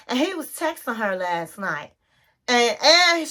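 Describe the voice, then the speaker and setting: A woman with a high voice talks slowly through a casual TV recap. She is chatty and unhurried, repeating and restarting phrases as she goes. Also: big pitch swings, sharp tone. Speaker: YouTube reality TV commentator.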